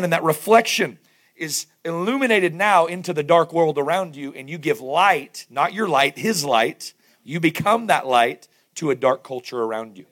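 A man with a Southern accent preaching a sermon, his voice hoarse and strained, asking the congregation questions as he goes. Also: fairly high pitch, a bit bright. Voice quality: gravelly. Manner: conversational preaching with rhetorical questions. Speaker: pastor.

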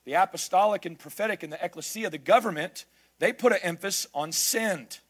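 Guy preaching a sermon, bit breathy and raspy, higher voice, gets loud and punchy. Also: a little fast. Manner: emphatic, building to shouted lists.

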